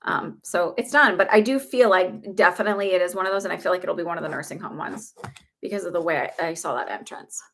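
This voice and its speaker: A woman's voice: fairly low pitch, quick pace, slight background noise. Chatty woman psychic on a livestream. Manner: chatty, reassuring, heavy use of "like" fillers. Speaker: psychic medium giving live readings. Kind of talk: casual livestream reading.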